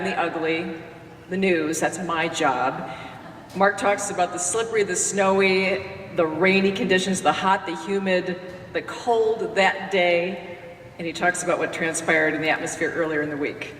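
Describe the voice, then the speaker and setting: A woman's voice: lowish voice, fairly bright tone, slight background noise. A woman who hosts a radio morning show gives a folksy, joking tribute speech at a podium in a lecture hall. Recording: echoey hall from far off.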